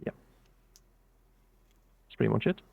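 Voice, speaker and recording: A British man coaching poker in a relaxed, step-by-step way over a video call. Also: unhurried, dry recording. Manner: relaxed, explains step by step with filler "yeah". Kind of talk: casual coaching explanation. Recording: tinny phone-like call audio.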